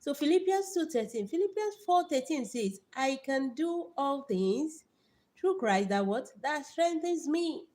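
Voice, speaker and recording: Lively Nigerian woman preaching on a livestream. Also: high-pitched, measured pace. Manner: lively, repeats words, greets viewers by name. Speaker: livestream host. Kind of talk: live stream motivational talk with Bible verses.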